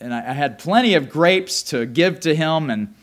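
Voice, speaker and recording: A man's voice: fairly high pitch, lively intonation, lightly acted. A man voicing a nervous male prisoner, a royal cupbearer, who stammers and halts. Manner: stammering, halting.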